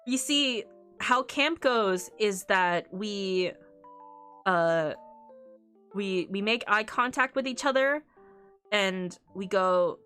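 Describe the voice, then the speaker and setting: A woman's voice: medium pitch, lively intonation, slow pace, long pauses, fairly bright tone, smooth, faint music behind. Giggly woman streamer chatting casually. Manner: giggly, rambling, laughs often.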